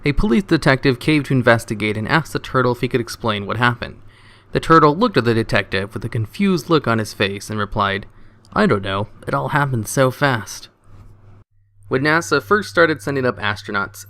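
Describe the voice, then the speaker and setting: A man reading a list of jokes aloud with an even, steady storytelling manner. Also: mid-range voice, brisk, no room sound. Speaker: narrator of jokes.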